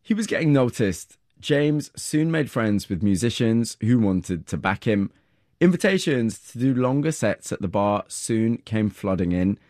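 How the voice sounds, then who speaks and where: A man with a low voice narrates and asks questions in a measured, scripted way. The recording is dry and close, with no room sound. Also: very animated, a little mellow, no echo. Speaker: narrator and interviewer.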